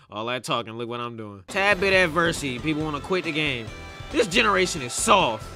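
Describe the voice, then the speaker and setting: A young man streaming a game, chatting casually and yelling at his teammates. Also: on the high side, very animated, moderate pace, over music. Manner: trash-talking, breaks into loud yelling at teammates. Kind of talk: casual gameplay commentary.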